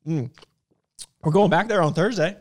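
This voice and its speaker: A young man co-hosting a podcast in casual chat, animated and rambling, laughing often. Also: a little high, moderate pace. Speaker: podcast co-host.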